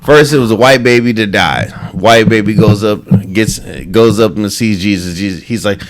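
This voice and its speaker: A man in casual podcast banter, teasing and blunt, throwing in quick asides while telling a joke. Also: on the low side. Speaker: podcast co-host.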